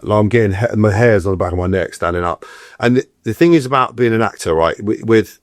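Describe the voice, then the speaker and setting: A fast talker with a lowish voice, the middle-aged actor guest rattles off stories in a casual interview. He's animated and does the voices of those he quotes, recorded dry in studio quality.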